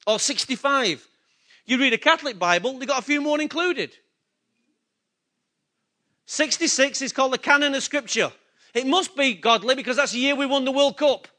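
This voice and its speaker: Man, pastor, sermon, emphatic, repetitive, very high voice. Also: lively intonation, normal speed, pauses often, sharp tone. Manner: emphatic, repetitive preaching with rhetorical questions.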